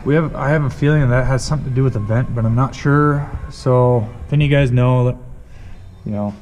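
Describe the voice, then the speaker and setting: A man's voice: medium pitch, a little fast, big-room sound, rough recording. A man casually walking through his truck build in a workshop, talking loosely with lots of fillers and restarts. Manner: rambling, many fillers and restarts. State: hiccuping. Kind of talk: casual shop walkthrough.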